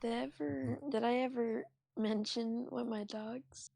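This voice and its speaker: A woman's voice: on the high side, fairly even intonation, unhurried, gravelly, mellow. A woman joining a casual podcast chat, talking in a hesitant, unsure way. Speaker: podcast co-host.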